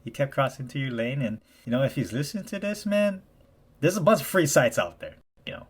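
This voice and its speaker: A man's voice: medium pitch, brisk, husky. A man hosting a casual chat, reacting with crude, joking disbelief. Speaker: host.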